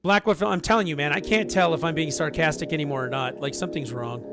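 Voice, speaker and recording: A man in his forties with a hoarse, scratchy voice after being sick, chatting casually and rambling to viewers during a game stream at home. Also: fairly high pitch, quick pace, over music. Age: 40s. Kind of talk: casual live-stream chat.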